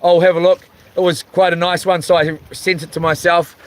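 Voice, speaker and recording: A man's voice: high-pitched, little pitch movement, brisk, low-quality recording. A man with a New Zealand accent hosting a casual live stream, reading chat comments in a laid-back way with lots of ums and chuckles.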